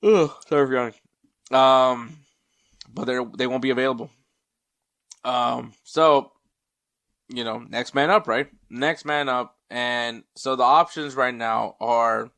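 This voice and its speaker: A man's voice: medium pitch, fairly even intonation, unhurried, long pauses, a bit bright, no room sound. A man hosting a casual sports podcast, rambling with many ums and restarts, sometimes turning away from the mic to check stats. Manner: checks stats mid-show, drifts off mic. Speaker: podcast host.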